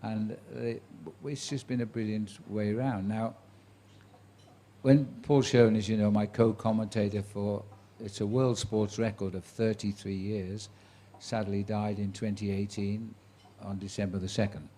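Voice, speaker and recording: Over slight background noise, a man in his seventies, a sports commentator, recounts career stories for a live audience. His low, warm voice is flat and measured, yet he's a chatty storyteller who acts out quotes with dry wit.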